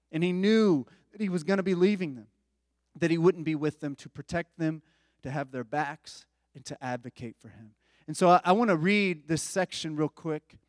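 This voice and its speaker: A man preaching a sermon as a pastor, in a relaxed conversational way that often checks in with listeners. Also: fairly high pitch, dry recording, clean studio sound. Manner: conversational, asks listeners for agreement.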